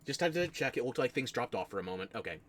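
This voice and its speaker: An American man with a New Jersey accent rambles through casual stream chat, his pitch swinging up and down in a lively way. He tells self-mocking stories into a desk microphone and keeps breaking into laughs. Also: fast talker. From United States.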